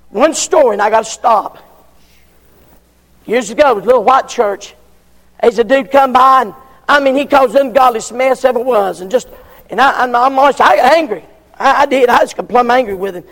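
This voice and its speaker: A preacher with a high, gravelly voice, delivering a folksy, emphatic sermon. He swings between ringing cries and near-whispers. His words trail off into a long reverb in a church. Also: normal speed, a bit bright. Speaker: pastor.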